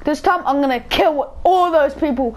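A woman giving rambling, excitable live commentary over her own gameplay, bursting into shouts now and then. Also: high-pitched, normal speed. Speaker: gaming channel host.

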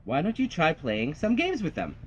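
A man voicing a gentle, patient mother frog in a storybook read-aloud, calm and reassuring. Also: a little high, normal speed, a little hiss or hum.

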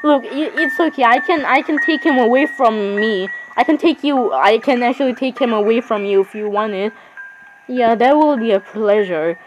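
A timid young pony girl voiced by a woman who talks haltingly, tripping over her words, in a high voice. Faint music plays in the background. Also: close to an everyday voice, low-quality recording. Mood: shy.

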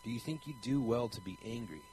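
A man's voice: mid-range voice, huge pitch swings, fast, darkish tone, a little hiss or hum, rough recording. A man speaking in a conversational preaching style, earnest and rambling, asking his listeners pointed questions. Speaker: traveling Christian preacher.

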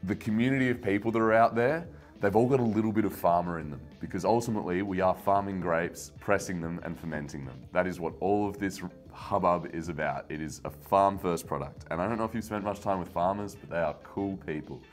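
A man's voice: deep voice, brisk, faint music behind. A young man hosting a wine channel, rambling casually and getting worked up, mocking himself as he goes. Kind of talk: casual rant to camera.

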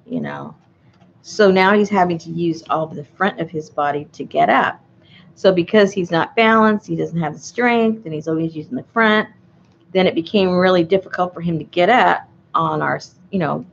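A woman's voice: on the low side, vocal fry, muffled recording, a little hiss or hum. A middle-aged woman chatting casually while crafting, rambling through asides and laughing often. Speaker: crafting vlogger.

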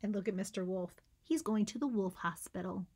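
A woman teacher reading a picture book aloud to children, animated, coaxing them to join in and dipping into whispers for suspense. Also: mid-range voice, fairly quick, husky. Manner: coaxes listeners to join in.

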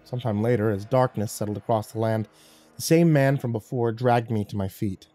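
A man's voice: on the low side, brisk, dark tone. A man narrating a first-person horror story in a dramatic, scripted telling.

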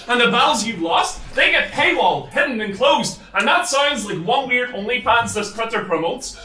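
Northern irish guy shouting battle raps, real high voice, echoey hall w/ crowd going off. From Northern Ireland. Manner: shouted, taunting delivery with laughs. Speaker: battle rapper. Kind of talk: battle rap performance. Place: large hall with a live crowd. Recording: echoey hall, distant mic, loud crowd.

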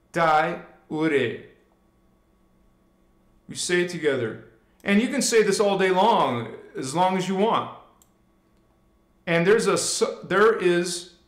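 Man, spiritual livestream host, casual slangy talk, leads chants, slow pace, echoey room. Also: high voice. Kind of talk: live spiritual teaching and chanting.

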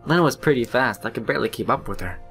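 A man hosting a let's play, reading a visual novel's narration aloud in a brisk, plain storytelling read. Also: medium pitch, animated, fairly bright tone, soft background music.

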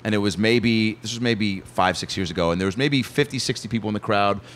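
A male comedian telling a story as a guest in a casual chat, excitable and self-mocking. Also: lowish voice, a little fast, a little hiss or hum.

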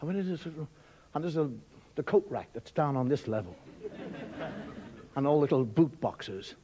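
A man's voice: fairly high pitch, animated, normal speed, dark tone, breathy edge, dull audio. A middle-aged man telling comic stories, wry and conversational and rising to indignant outbursts. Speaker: comedian. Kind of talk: stand-up storytelling monologue. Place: TV studio with a live audience. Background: faint audience laughter.

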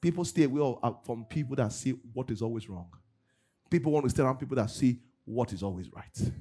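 A man's voice: medium pitch, expressive, a little fast, mellow, breathy edge, soft background music. A middle-aged man preaching a sermon as pastor, acting out congregants' voices and laughing often.

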